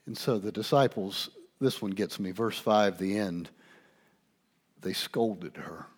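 A man preaching a sermon, swinging between quiet, intimate passages and loud, animated storytelling. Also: fairly low pitch, normal speed.

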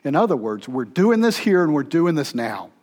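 A man preaching a sermon as pastor, with dramatic swings between loud intensity and hushed near-whispers. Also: fairly high pitch, big pitch swings, normal speed.

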